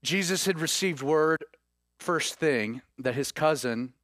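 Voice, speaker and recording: A man preaching a sermon in an animated way, acting out the voices he quotes. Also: a little high, takes it slowly, dry recording, studio quality.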